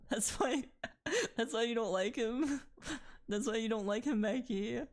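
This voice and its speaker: A woman's voice: a little high, slow. A woman streaming while she draws, chatting casually with a friend and her chat, laughing often and swearing freely. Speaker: art streamer.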